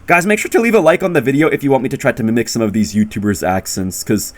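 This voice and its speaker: A young man giving excitable, jokey live commentary on his own gameplay, talking straight to viewers and yelping when surprised. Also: fast. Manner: bursts into loud high-pitched exclamations when surprised. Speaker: gaming YouTuber.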